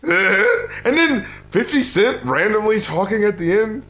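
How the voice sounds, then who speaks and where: A man co-hosting a podcast, reviewing an album in casual, animated chat, swearing and laughing often. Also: sits high, a little slow, echoey room. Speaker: podcast co-host.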